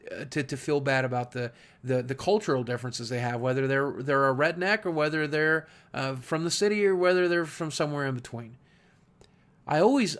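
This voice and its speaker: A man with a slight Southern accent speaks to camera in a mid-pitched voice, candid and earnest. He thinks aloud as he goes, restarting sentences and doubling words. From Southwest Virginia, USA. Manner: earnest, reflective, with frequent restarts and repeated words. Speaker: YouTube creator. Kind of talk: candid talking-head monologue.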